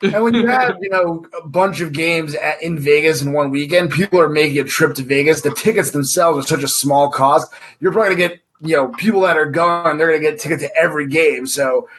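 A man's voice: a little high, brisk, fairly bright tone, slightly rough. A man in a casual chat, laid-back and wry.

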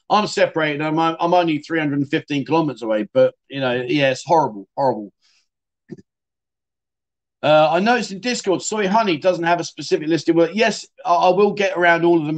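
Middle-aged man, casual livestream host, blunt and jokey, slightly raised pitch. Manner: chatty, blunt, swears, jokey, says mate a lot. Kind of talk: casual chat reading viewer comments.

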